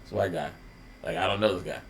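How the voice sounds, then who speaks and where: A man's voice: low-pitched, fast, slight background noise. A man who is a guest musician on a podcast, chatting casually, laid-back and swearing freely. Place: podcast studio.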